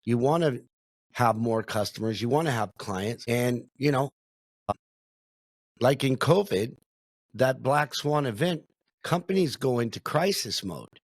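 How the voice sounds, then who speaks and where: A man's voice: medium pitch, expressive, a little slow, pauses often, no echo, clean studio sound. Reflective man hosting a podcast. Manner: reflective, with many filler phrases. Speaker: podcast host, sales consultant. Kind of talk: casual podcast interview.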